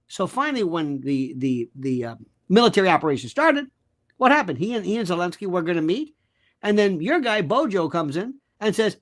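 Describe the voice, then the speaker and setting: A man's voice: high voice, big pitch swings, normal speed, fairly bright tone. A man from the United States speaking as a guest commentator, ranting emphatically and sarcastically, jumping from topic to topic. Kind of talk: animated political rant.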